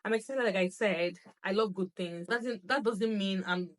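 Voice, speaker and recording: A young woman who talks excitedly, laughs often and repeats herself as she reviews a phone in a casual vlog recorded on the phone. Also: medium pitch, normal speed. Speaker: lifestyle vlogger. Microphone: phone camera.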